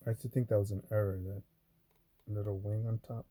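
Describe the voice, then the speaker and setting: A man with a low, very dark voice rambles through casual stories as he works through a box of coins. His speech is loose, full of fillers and cursing. He is recorded up close, and a faint hiss sits under his voice. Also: flat delivery, fairly quick. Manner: meandering, loose and profane, with many fillers. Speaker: coin roll hunter. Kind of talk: casual rambling vlog talk.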